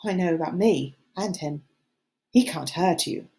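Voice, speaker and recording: A woman voicing an anxious, fussy schoolboy who frets and pleads in a high, squeaky voice, reading an audiobook. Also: unhurried, dark tone. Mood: plaintive.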